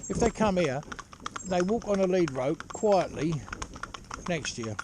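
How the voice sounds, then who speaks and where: A horse trainer talking casually outdoors while driving a pony cart, rambling and chatty with lots of "you know". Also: male voice, high-pitched, lively intonation, a little slow. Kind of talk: casual spoken instruction while driving ponies. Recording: loud hoof clatter and outdoor noise.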